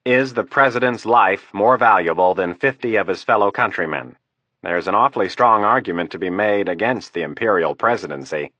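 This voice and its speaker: A crude, scheming political aide, voiced by a man reading an audiobook. He argues with easy, coarse confidence and a low base voice. The sound is dry and close. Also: fairly quick, bright, forceful tone, dry recording, lo-fi sound. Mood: scheming confident.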